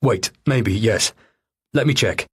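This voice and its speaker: An uneasy, hesitant husband, a little raised in pitch and breathy, as a male narrator voices him. He speaks in short, worried questions. It is audiobook dialogue. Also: slow pace, fairly bright tone, full character voice.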